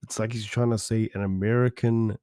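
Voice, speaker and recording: Young male guest, hesitant and stammering, dark dry voice. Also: fairly low pitch, little pitch movement, brisk, smooth, no room sound. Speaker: podcast guest. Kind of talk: casual chat.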